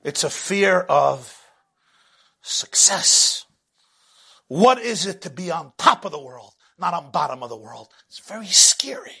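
Male religious teacher preaching; high, bright voice; lively delivery that swings between hushed and loud. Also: unhurried, creaky, breathy edge. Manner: animated, swings from hushed to loud, laughs at own jokes. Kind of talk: sermon.

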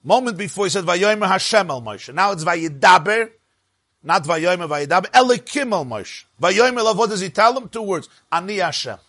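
A man's voice: sits high, expressive, normal speed, a bit bright, dry recording. A man with teaching a Torah lesson, rising and dropping sharply for emphasis. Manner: emphatic, rises and drops sharply for stress.

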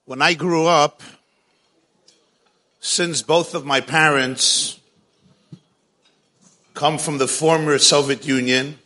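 A man with a somewhat high voice speaks slowly and deliberately, giving a chatty storytelling talk to an audience in front of him. He tells jokes and speaks straight to his listeners. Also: steady tone, sharp tone. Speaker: speaker addressing a live audience.

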